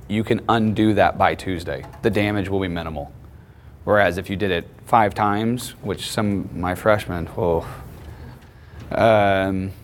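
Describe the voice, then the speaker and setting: A man teaching a class, lecturing in a conversational way and often checking in with questions. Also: on the low side.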